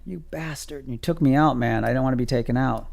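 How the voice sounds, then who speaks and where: Man, live trading stream commentary, casual, self-amused, gravelly, mellow. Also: mid-range voice, brisk, a little hiss or hum. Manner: joking, self-amused, talks to viewers. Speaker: futures day trader streaming live.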